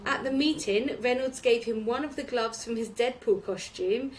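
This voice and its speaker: A woman's voice: on the high side, normal speed, slight background noise. A woman co-hosting a podcast, chatting casually and reading out listener reviews with plenty of ums. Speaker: podcast co-host.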